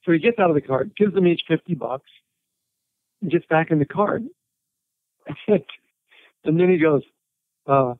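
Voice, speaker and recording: A man, a writer and interview guest, telling animated anecdotes and quoting people as he goes. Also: fairly high pitch, a little slow, pauses often, dry recording. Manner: animated anecdotes with quoted voices and laughter. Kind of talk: storytelling interview. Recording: tinny phone-like line.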